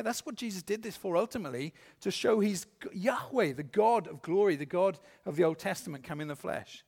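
A man preaching a sermon, earnestly asking the congregation questions and reading scripture slowly with emphasis. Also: sits high, vocal fry. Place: church. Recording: long hall reverb.

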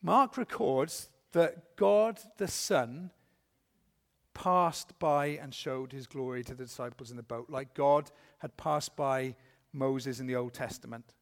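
A man preaching a sermon, earnestly asking the congregation questions and reading scripture slowly with emphasis. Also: mid-range voice, gravelly. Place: church. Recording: long hall reverb.

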